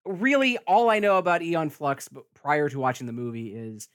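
A middle-aged man, a guest podcaster, chatting casually, lively and prone to rambling. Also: a little high, moderate pace, smooth. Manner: lively, laughs easily, rambling. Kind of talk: casual chat.

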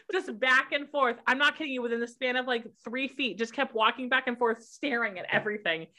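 A young woman co-hosting a podcast, telling stories in a lively, chatty way and acting out what others said. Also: on the high side, moderate pace. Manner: animated storyteller who acts out quotes. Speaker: podcast co-host. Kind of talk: casual chat.

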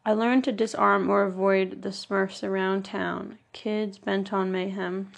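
A woman reading a first-person memoir aloud in an earnest, measured way, leaning on each item in a list. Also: mid-range voice, flat delivery, creaky. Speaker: audiobook narrator.

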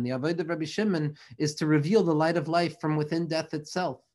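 An earnest man delivers a religious lecture in long, flowing phrases, weaving Hebrew and Yiddish terms through his English. His voice sits somewhat high for a man. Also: a little mellow. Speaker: Torah teacher.

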